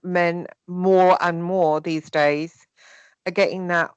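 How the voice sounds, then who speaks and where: Woman, candid conversational guest, animated, quotes people in put-on voices, dry recording. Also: fairly low pitch, slow pace, clear, resonant tone, dry recording, dull audio.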